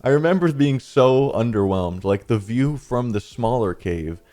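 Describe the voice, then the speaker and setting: A man narrating a personal story in a casual, chatty way, full of "dude" and "listen", with lively rises and drops as he retells it. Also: mid-range voice, unhurried. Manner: laid-back and chatty, peppered with 'dude' and 'listen'. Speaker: storytime YouTuber.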